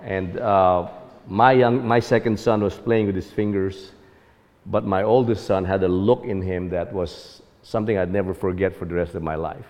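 A man's voice: low voice, steady tone, moderate pace, a little mellow, big-room sound. A man telling a personal story about fatherhood as an earnest testimony.

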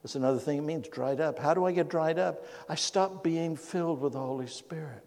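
A man's voice: fairly high pitch, fairly quick, darkish tone. A man preaching a conversational sermon as pastor, folksy and storytelling, often amused at his own anecdotes. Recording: long hall reverb.

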